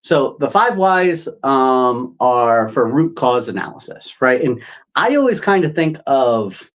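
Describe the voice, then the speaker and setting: A man's voice: medium pitch, very animated, a little slow, a bit bright, low-quality recording. Rambling male coach, filler-heavy. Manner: rambling, many fillers, acts out quoted voices. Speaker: podcast co-host. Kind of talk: casual coaching chat.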